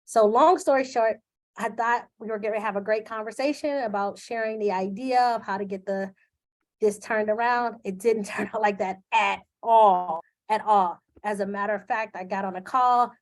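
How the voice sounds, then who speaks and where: This live video host is a woman talking straight into her computer webcam, earnest and emotional, with lots of filler words. She has a medium pitch, a steady tone, and a normal speed.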